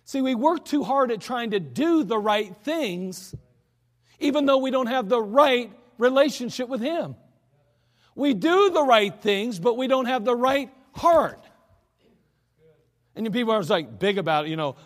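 A man's voice: high-pitched, lively intonation, normal speed. A man preaching a sermon in a church, earnest and emphatic in a conversational way. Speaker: pastor. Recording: echoey church hall.

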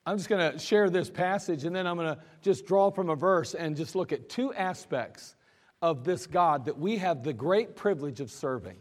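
A man's voice: on the high side, lively intonation, moderate pace. A man preaching a sermon in a casual, storytelling way, often putting questions to his congregation. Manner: conversational, asks the congregation questions. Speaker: pastor. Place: church sanctuary.

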